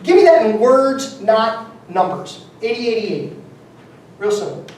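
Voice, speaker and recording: A man's voice: sits high, sing-song, normal speed, a little mellow. A man giving an emphatic motivational seminar talk, repeating key numbers and quizzing his audience. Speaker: business seminar speaker. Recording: very echoey room, mic far off, faint noise.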